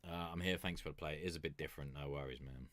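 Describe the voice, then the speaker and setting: Talking very fast in a rumbling low voice with a fairly bright tone, a young music review streamer rambles to his live viewers. He swears freely and chuckles between thoughts in a casual chat.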